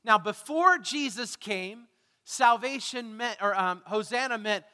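A man's voice: sits high, animated, unhurried, pushed and bright, long reverb tail. A man preaching a sermon as pastor, talking conversationally, asking the congregation questions and making self-deprecating asides. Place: church sanctuary.

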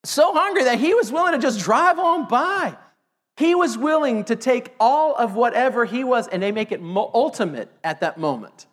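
A middle-aged man, a pastor, preaching an animated sermon with joking asides to the congregation. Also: very high-pitched. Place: church sanctuary. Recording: long hall reverb.

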